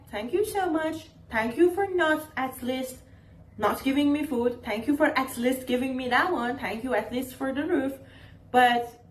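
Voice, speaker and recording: A woman's voice: fairly high pitch, slight background noise. A woman vlogger talking casually to the camera in an exasperated, sarcastic ranting tone. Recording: roomy echo, faint ambience.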